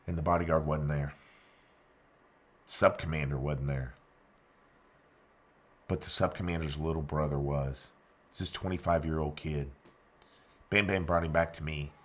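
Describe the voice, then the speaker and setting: Low-voiced man telling a dramatic story. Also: a bit bright. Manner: dramatic storytelling, acting out quoted voices with big pitch and volume swings. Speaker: keynote speaker. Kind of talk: storytelling keynote speech.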